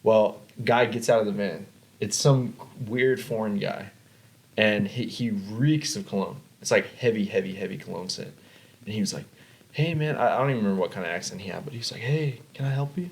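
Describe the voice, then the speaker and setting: A young man hosting a podcast, telling a story in casual chat, animated, repeating himself and swearing. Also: fairly low pitch, brisk, vocal fry, poor audio. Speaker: podcast host.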